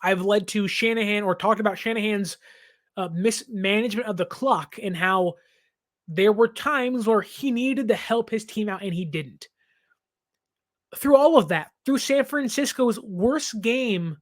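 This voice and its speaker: A man's voice: sits high, a bit bright. A man in his twenties hosting a sports reaction show, talking in an emphatic, impassioned way and laughing now and then. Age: 20s.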